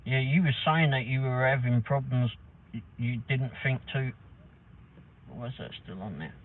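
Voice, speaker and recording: A man's voice: medium pitch, moderate pace. Chatty man on a tinny livestream. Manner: rambling, chatty, with mild swearing. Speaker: livestream host. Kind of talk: casual chat. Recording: tinny phone-like sound from a distance, faint noise.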